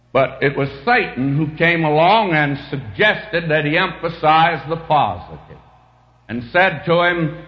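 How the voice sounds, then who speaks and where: A man preaching a sermon, slow and emphatic with dramatic swings in pitch. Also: dull audio.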